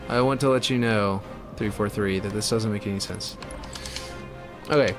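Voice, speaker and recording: A man's voice: on the low side, moderate pace, long pauses, music in the background. A man chatting casually and thinking aloud while he builds a game map, muttering when puzzled. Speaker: map builder streaming his work.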